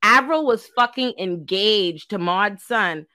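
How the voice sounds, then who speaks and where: A woman chatting on a podcast panel, telling profane, slangy stories that swing from low asides to loud laughing shouts. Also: lively intonation, takes it slowly. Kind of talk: casual podcast chat.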